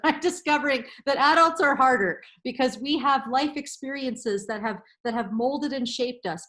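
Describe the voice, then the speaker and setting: Brief: middle-aged woman, parenting counsellor, higher-pitched voice, earnest and emphatic motivational delivery. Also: a bit bright. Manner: earnest, emphatic, repeats key phrases.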